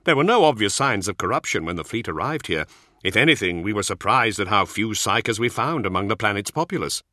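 A man voicing a calm, dry-witted scholarly monk who reasons coolly. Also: lowish voice, a little fast, no echo.

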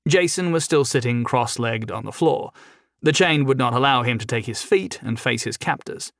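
A man's voice: medium pitch, normal speed, vocal fry, fairly bright tone, no echo, studio quality. Man reading an audiobook. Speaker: narrator. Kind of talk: audiobook narration.

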